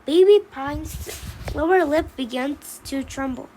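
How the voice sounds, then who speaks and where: A woman reading the narration of a storybook play aloud, halting, with small slips. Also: high-pitched, mellow, slight background noise, rough recording. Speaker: reader.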